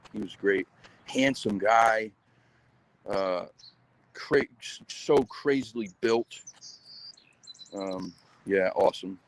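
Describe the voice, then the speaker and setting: A man casually chatting on a live stream while walking his dog outdoors, rambling with lots of ums and uhs. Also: on the low side. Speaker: channel host.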